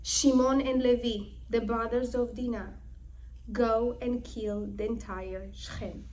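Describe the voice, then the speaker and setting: Woman, Torah teacher, high voice, slow, emphatic dramatic retelling, repeated phrases. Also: dark tone. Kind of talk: dramatic retelling of a Bible story.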